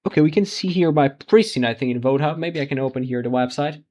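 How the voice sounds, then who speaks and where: A man's voice: a little high, fast talker, a little mellow. A man hosting a live election results stream, thinking aloud as vote counts come in, often restarting sentences and laughing at surprises. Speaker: election livestream host.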